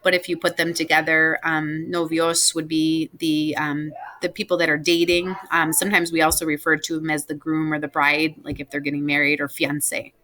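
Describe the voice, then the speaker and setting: A woman's voice: sits low, little pitch movement, normal speed, few pauses, bright, forceful tone. A woman teaching a recorded Spanish class, patiently explaining family words step by step with frequent ums.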